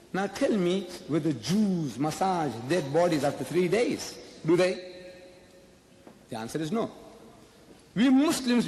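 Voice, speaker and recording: A man's voice: a little high, darkish tone. A man giving a public lecture to a live audience, posing rhetorical questions and answering them himself. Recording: echoey hall, faint background noise.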